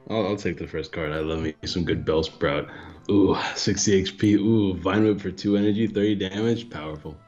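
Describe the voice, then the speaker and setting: A man hosting a casual card game review, laid-back and low-key, chuckling often. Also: normal speed, darkish tone, dull audio, soft background music. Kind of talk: casual chat.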